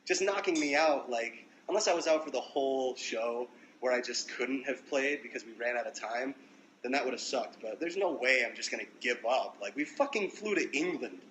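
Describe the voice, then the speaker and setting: A young American man telling stories on a phone livestream in a loose, profane, animated way. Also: mid-range voice, moderate pace, slight background noise, rough recording. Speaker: musician livestreaming to fans. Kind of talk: casual storytelling livestream.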